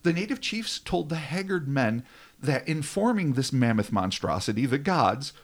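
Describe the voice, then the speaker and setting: A man's voice: medium pitch, very animated, moderate pace. A man hosting a casual podcast, reading a dramatic script aloud and breaking off into joking asides. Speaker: podcast host.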